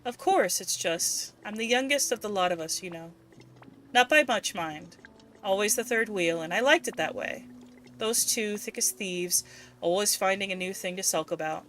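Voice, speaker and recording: A woman reading aloud as a kindly, motherly village cook in a video game, soft-spoken and soothing. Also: mid-range voice, lively intonation, normal speed, slight background noise, lightly acted. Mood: wistful.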